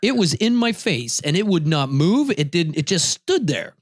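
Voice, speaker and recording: A man co-hosting a podcast, casually telling a hunting story. His voice leaps up high when he acts out his own shouting. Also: sing-song, moderate pace, no room sound, studio quality. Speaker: podcast co-host.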